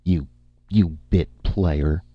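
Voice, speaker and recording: A man voicing an irritable, sarcastic male writer who speaks in a low, restrained voice in an audiobook reading. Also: very slow, breathy edge, no echo, exaggerated voice. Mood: angry. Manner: curt, sarcastic, restrained anger. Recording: muffled lo-fi recording.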